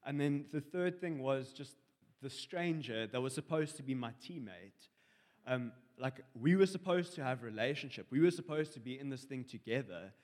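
A man's voice: mid-range voice, expressive, normal speed, darkish tone, in a large hall. A young man sharing a dream in church, telling it in a rambling, hesitant way full of fillers. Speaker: congregation member sharing a dream. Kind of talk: personal testimony in church. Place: church hall.

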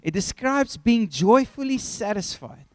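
A man preaching a sermon, telling a story with animated, acted-out scenes. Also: very high-pitched, measured pace, no room sound.

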